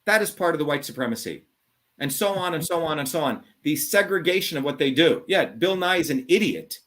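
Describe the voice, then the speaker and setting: Blunt, combative middle-aged man, slightly high. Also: lively intonation, fairly quick, a bit bright. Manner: blunt, combative, swearing, emphatic. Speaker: show host. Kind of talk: heated call-in monologue.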